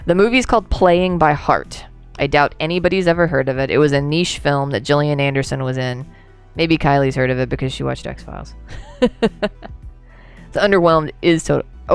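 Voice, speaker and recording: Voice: medium pitch, vocal fry, clear, resonant tone. A game streamer chatting casually through a livestream, rambling, laughing and answering chat, a few drinks in.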